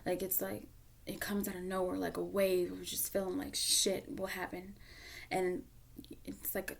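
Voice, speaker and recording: A woman's voice: medium pitch, level tone, normal speed, vocal fry. A woman giving a casual tarot reading to camera, candid and emotional, dropping at times into a near whisper. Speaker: tarot reader.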